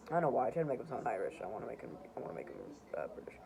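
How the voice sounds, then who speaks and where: Rambling man with a lively voice. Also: medium pitch, very fast, vocal fry, few pauses, slight background noise, rough recording. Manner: rambling, self-correcting, amused at his own work. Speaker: comic creator reading his own comics. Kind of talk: casual read-through of homemade comics.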